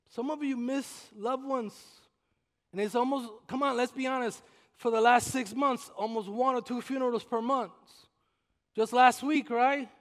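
A man preaching a sermon as a guest pastor, swinging from shouted emphasis to hushed, near-whispered passages. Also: very high-pitched. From Puerto Rico. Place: church sanctuary. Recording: long reverb of a large church hall.

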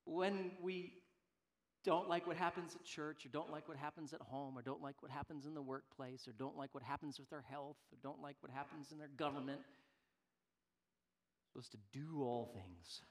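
High-voiced, emphatic male pastor preaching. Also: normal speed. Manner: emphatic, swings from loud declarations to quiet low asides. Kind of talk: sermon.

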